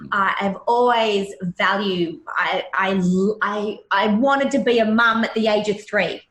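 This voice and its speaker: A woman's voice: medium pitch, a little slow, fairly bright tone. A woman in her forties, a hypnotherapist guest, telling a personal story in a blunt, emotional way and swearing freely. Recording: roomy echo.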